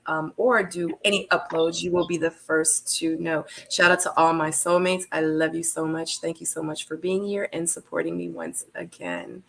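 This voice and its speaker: A woman hosting a live online panel show, chatty and laughing often, her voice a bit tired and low. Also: fairly bright tone. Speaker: host.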